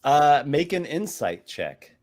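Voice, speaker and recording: A man's voice: fairly high pitch, takes it slowly. Man narrating as game master. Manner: relaxed, rambling narration.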